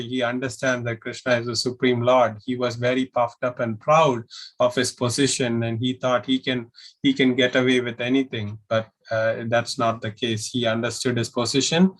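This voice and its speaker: A man teaching children over a video call, telling a story gently with many pauses and fillers. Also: mid-range voice. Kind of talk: online class storytelling.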